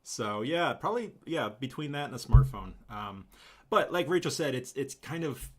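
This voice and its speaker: A man hosting a casual live stream, talking in a relaxed, chatty way and laughing often. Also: mid-range voice, moderate pace, breathy edge. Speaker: channel host.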